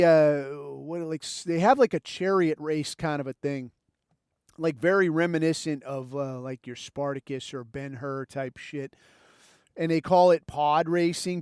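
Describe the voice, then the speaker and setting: A man rambles through a profane, sarcastic podcast rant. His voice is smooth and fairly high and sits close and dry on the mic. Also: no room sound. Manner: rambling, heavy swearing, sarcastic. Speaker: podcast host.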